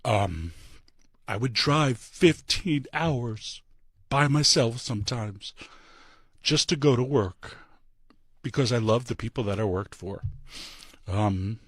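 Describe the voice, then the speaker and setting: Tearful man giving a halting farewell. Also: mid-range voice, breathy edge, no echo, clean studio sound. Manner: halting, full of pauses and restarts. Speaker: departing pro wrestler. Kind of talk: emotional farewell speech.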